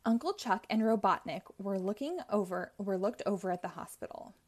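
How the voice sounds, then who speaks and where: A woman hosting a read-aloud show, narrating a children's chapter book in a clear, even way. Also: mid-range voice, fairly quick. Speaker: host.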